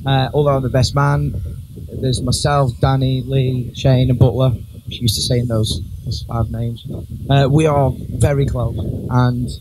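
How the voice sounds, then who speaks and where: A man giving a best man's speech at a wedding reception, joking and teasing the guests with lots of pauses and ums. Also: medium pitch. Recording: clear background noise.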